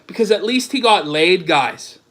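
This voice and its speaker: A man's voice: sits high, big pitch swings, moderate pace, a bit bright. A man giving sarcastic, profanity-heavy online commentary, reading messages aloud with incredulous asides, his voice a bit strained from long talking. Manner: sarcastic, swears a lot, incredulous.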